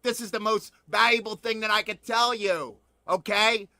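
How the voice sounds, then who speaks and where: A man with a high, gravelly voice that sounds bright and sharp. He hosts his own online news show, breaking into laughter again and again and repeating phrases for effect. The mic is close and dry, with no room sound. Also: steady tone, moderate pace, no room sound. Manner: laughs a lot, drawls and repeats himself, dramatic. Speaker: host of an online news channel. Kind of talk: excited livestream monologue.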